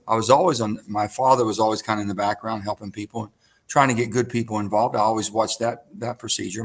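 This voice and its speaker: An older man, a senator telling folksy stories of his start in politics as an interview guest. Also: medium pitch. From West Virginia. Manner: folksy, animated retelling with acted quotes. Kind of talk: storytelling interview answer.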